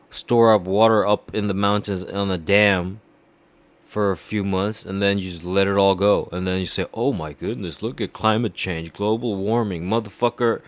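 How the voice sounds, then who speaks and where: A man's voice: fairly low pitch, dry recording. A man from India giving a heated, profane political rant, swearing often and repeating himself. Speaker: commentator.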